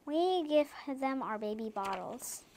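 A woman reading children's picture books aloud, chatting between pages and playing up the sound words in a lively, sing-song way. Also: on the high side, unhurried. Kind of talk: storybook read-aloud with casual chat.

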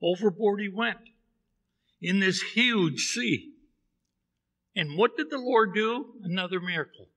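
A man's voice: high-pitched, animated, unhurried, long pauses, pushed and bright, big-room sound. A man preaching a sermon in a church, telling a Bible story and acting out the characters' lines. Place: church sanctuary.

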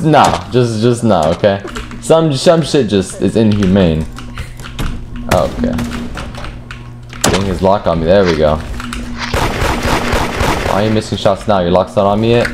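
A man's voice: deep voice, lively intonation, unhurried, pauses often. Swearing young man raging at a game. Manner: swearing, frustrated outbursts. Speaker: gaming streamer. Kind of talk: gameplay commentary. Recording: game music playing behind. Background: game music, keyboard typing.

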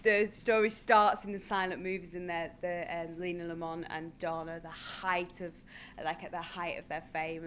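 An actress chatting as a guest in an interview, animated and laughing often. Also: female voice, lowish voice, slight background noise. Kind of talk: casual chat.

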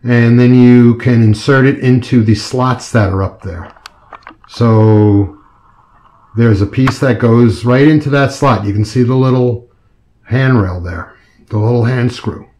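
A man's voice: mid-range voice, measured pace, dark tone. A man casually talking through a wall-mounting job step by step as he works, joking at his own expense. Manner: chatty, self-mocking, explains each step as he works. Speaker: do-it-yourself video maker. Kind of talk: casual narration while working. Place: indoor room being set up as a studio. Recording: roomy echo, faint background noise.

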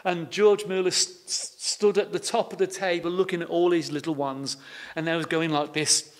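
A man's voice: fairly high pitch, little pitch movement, moderate pace. A man preaching a sermon, telling stories in a homely way and often repeating his words. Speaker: pastor. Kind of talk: sermon with storytelling.

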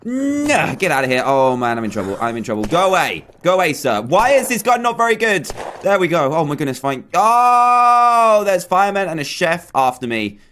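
Guy yelping through a let's play, slightly high voice, swings all over the place. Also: brisk, a little hiss or hum. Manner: excitable, yelps and shrieks at threats. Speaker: gaming YouTuber.

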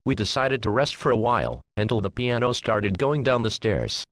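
A man narrating a comedic parody storybook in the first person, in a deadpan way full of crude jokes. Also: mid-range voice, normal speed, no room sound.

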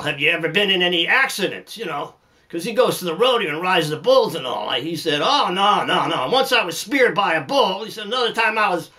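A man's voice: high voice, bright, forceful tone. A man hosting a music lesson, telling folksy jokes in a chuckling, rambling way, full of "you know"s and laughing at his own punchlines. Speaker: music teacher and host.

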